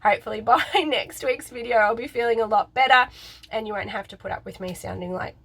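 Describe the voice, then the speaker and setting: A woman's voice: on the high side, a little fast, gravelly, a bit bright. A woman, talking casually to camera in a vlog, her voice nasal from a cold, chatting and thinking aloud with frequent ums. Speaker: vlogger.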